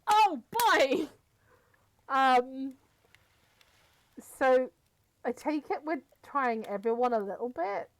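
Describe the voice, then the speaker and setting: A young woman streaming, reading a dating game aloud in an animated, giggly way. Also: high-pitched, slow, pauses often.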